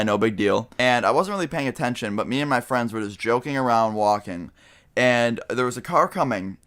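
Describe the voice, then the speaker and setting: Young guy vlogging a story, lowish smooth voice, lots of ums and restarts. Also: a bit bright. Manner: rambling, many fillers and restarts, swears casually. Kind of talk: casual storytelling.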